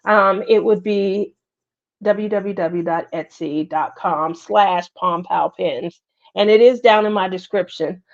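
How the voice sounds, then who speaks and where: Middle-aged woman host, unhurried and chatty, laughs easily, greets viewers; muffled stream audio. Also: medium pitch. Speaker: livestream host. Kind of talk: casual livestream chat. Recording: slightly muffled livestream audio.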